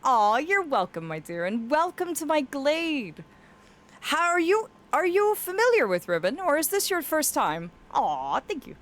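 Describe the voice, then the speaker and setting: Streamer woman, fairly high and very animated voice, affectionate chat, occasional voice cracks. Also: measured pace. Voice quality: voice cracks now and then. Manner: affectionate, reads chat aloud, often laughs. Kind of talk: casual live-stream chat.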